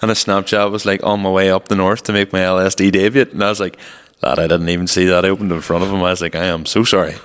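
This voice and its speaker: A man's voice: low-pitched, little pitch movement, fast talker, hardly any pauses, a bit bright, clear, resonant tone. A young man co-hosting a podcast, telling rambling stories with casual swearing. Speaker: podcast co-host. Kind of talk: casual chat. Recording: long reverberant room.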